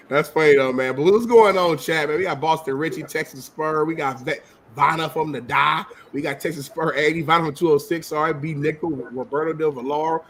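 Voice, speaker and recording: A man's voice: on the high side, a little fast, hardly any pauses, fairly bright tone, a little hiss or hum. A man co-hosting a podcast in casual chat, teasing his partner and greeting the live chat. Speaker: podcast co-host.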